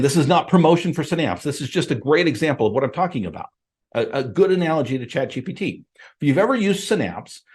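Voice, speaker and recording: Animated, emphatic male podcast host. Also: mid-range voice. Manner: emphatic, conversational, addresses listeners as folks. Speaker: podcast host and appraiser coach. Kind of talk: casual podcast monologue.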